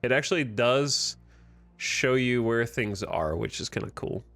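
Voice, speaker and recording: A man from the United States giving casual, animated commentary as he streams a game and argues with his chat. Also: mid-range voice, unhurried. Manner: animated, argumentative, thinks aloud.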